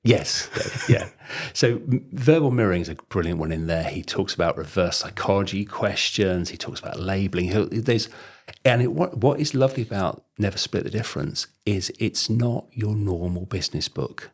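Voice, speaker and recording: A man's voice: low-pitched, expressive, moderate pace. A middle-aged man, a sales trainer talking through books and techniques in a chatty, rambling way, full of "you know". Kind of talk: casual conversational interview.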